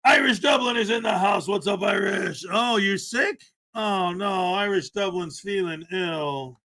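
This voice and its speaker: A man's voice: high-pitched, measured pace. A man hosting a casual morning livestream, joking around and greeting viewers by name. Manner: jokey, playful, shouts out viewers by name. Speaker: livestream host. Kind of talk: casual live-chat greetings.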